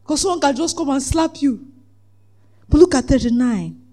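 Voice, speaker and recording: A preacher giving a lively sermon, acting out the voices in the story, laughing often and asking the congregation whether they follow. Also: high-pitched, normal speed. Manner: asks the congregation "Are we together?".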